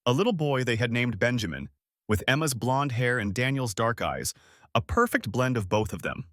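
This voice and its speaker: A man narrating a heartwarming family story in a smooth, scripted storytelling manner. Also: medium pitch, lively intonation, moderate pace, a bit bright, no echo, studio quality.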